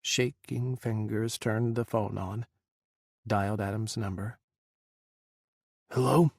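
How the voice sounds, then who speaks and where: A man reading an audiobook in a measured, dramatic narration style. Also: on the low side, steady tone, gravelly, darkish tone, no room sound, studio quality. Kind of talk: scripted narration.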